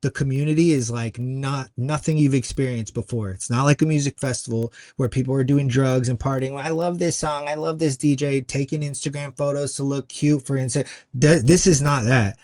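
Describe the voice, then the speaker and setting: A man guest on a podcast, telling a story earnestly and acting out other people's lines with sudden jumps in pitch. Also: steady tone, brisk, hardly any pauses, darkish tone, dry recording. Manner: earnest, acts out quoted voices with big pitch jumps. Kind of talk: conversational storytelling.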